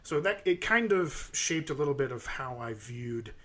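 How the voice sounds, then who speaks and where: An American man in his thirties co-hosts a podcast, telling stories in a casual, rambling way full of ums. His medium-pitched voice is pushed and bright, with lively intonation and a moderate pace.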